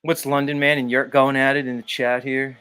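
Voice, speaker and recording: A man's voice: mid-range voice, level tone, fairly quick, pushed and bright, clean tone. A man hosting a casual live stream, reading chat messages aloud and bluntly teasing viewers. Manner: blunt, teasing, swears freely. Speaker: live stream show host.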